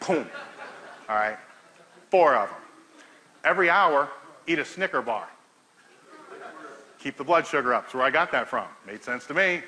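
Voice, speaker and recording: A middle-aged man giving a talk to an audience, telling a profane, laughing story in an animated way. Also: medium pitch, rough recording. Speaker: powerlifting coach giving a talk.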